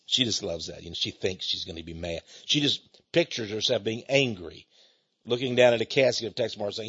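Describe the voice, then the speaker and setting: A man's voice: fairly low pitch, fairly quick, fairly bright tone, husky. An older man hosting a radio ministry show, talking in a folksy, chuckling way with stammering restarts, on dull lo-fi broadcast audio. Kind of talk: conversational radio monologue.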